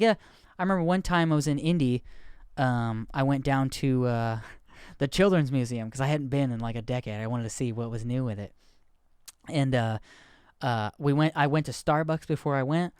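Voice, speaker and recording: A podcast host in his thirties rambles candidly in a casual chat, poking fun at himself along the way. His medium-pitched voice has a darkish, clean tone, captured with clean studio sound and no echo.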